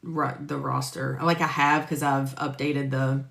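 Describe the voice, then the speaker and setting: This woman's voice is extremely low, level, creaky, a bit bright, and a little slow. She teaches medical coding on a live stream, chatting casually and answering viewers by name with lots of fillers, heard through a phone or computer mic with roomy echo.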